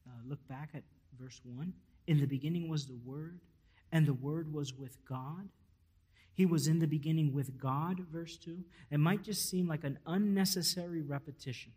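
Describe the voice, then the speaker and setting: Slow, emphatic male preacher. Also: medium pitch, slightly rough. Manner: emphatic, swelling to loud stresses then dropping to near-whispers. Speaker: pastor. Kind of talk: sermon.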